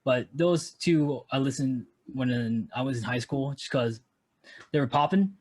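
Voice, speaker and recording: A man's voice: medium pitch, a little slow, a little mellow. A man co-hosting a podcast in casual chat, laid-back and swearing freely. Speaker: podcast co-host.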